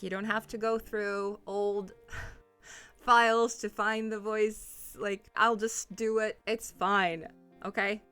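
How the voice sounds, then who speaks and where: A woman's voice: medium pitch, fairly bright tone, clean tone. A young adult woman casually talking through a story game as a streamer, chatty, swearing and laughing often. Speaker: let's play streamer.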